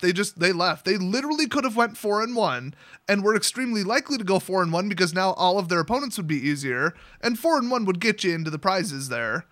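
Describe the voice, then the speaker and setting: A young man spins a casual story with sarcastic, exasperated energy. His voice sits high for a man and has a bright, sharp ring to it. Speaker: card game content creator.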